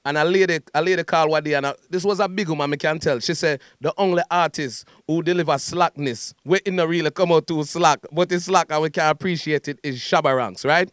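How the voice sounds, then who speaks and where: A Jamaican man hosting a radio interview, speaking quickly in a fairly high, smooth voice. He asks his questions by telling chatty stories. The sound is close and dry. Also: a bit bright, dry recording. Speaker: radio host. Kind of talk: casual interview.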